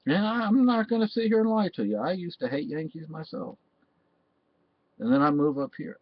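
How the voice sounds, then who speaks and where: A man's voice: on the high side, lively intonation, moderate pace, slightly rough. A man from Texas, talking in a rambling personal monologue that often restarts and repeats phrases. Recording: dull, dry lo-fi recording.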